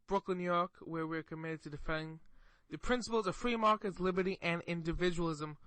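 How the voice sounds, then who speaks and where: A man's voice: a little high, a little fast, sharp tone, clean tone, no echo. A man in his twenties co-hosting a radio talk show, wisecracking and mocking in casual banter. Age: 20s. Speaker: radio co-host.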